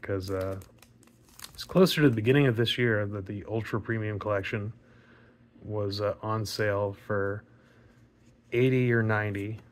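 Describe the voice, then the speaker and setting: A man with a rather low, raspy voice talks through opening card packs. He rambles casually with lots of fillers and some mild swearing. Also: steady tone, moderate pace, pauses often. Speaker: card pack opening vlogger. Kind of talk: casual pack opening commentary.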